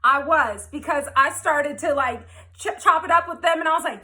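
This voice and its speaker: Brief: young woman vlogger, frank and animated storyteller, high bright voice. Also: moderate pace. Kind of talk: storytime vlog.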